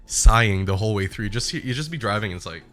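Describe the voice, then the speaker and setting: A man's voice: on the low side, fast talker, faint music behind. Young man swearing through a comic story. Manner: animated, profane, laughing retelling. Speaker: streamer. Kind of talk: casual storytelling.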